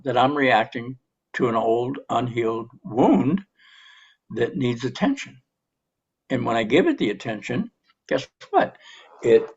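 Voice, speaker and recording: A man with a gravelly, husky voice leading a recovery meeting, talking in an earnest, halting way on a podcast. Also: mid-range voice, a little mellow, muffled recording. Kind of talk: reflective podcast talk.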